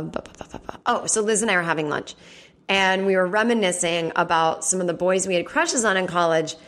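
Chatty rambling woman, lowish voice. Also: a bit bright. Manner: chatty, rambling, lots of fillers and asides. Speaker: comedy podcast host. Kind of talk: casual solo chat. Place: at home.

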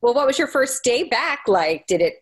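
A woman co-hosting a casual interview, asking soft-spoken, thoughtful questions. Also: fairly high pitch, sing-song, normal speed. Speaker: interview co-host.

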